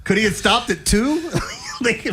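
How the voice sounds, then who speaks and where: Male radio host, high and animated, riffing and laughing in casual studio banter. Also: a little slow, a little hiss or hum.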